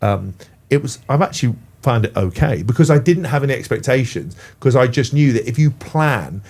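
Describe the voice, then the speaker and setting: Middle-aged English male guest, casual and profane, mid-pitched, heats up on a rant. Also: a little fast, slightly rough. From England. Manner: swears freely, animated when ranting. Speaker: podcast guest. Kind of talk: casual chat.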